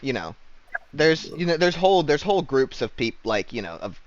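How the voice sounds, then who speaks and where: A man's voice: mid-range voice, big pitch swings, moderate pace, lo-fi sound, slight background noise. A man running a tabletop game as game master, explaining things in a loose, rambling way.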